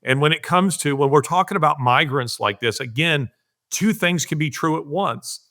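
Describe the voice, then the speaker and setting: A man's voice: on the high side, moderate pace, pushed and bright. A middle-aged man speaking earnestly in a podcast conversation, telling stories and emphasizing his points. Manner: earnest, emphatic, acts out quotes. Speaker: guest commentator. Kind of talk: casual podcast conversation, storytelling.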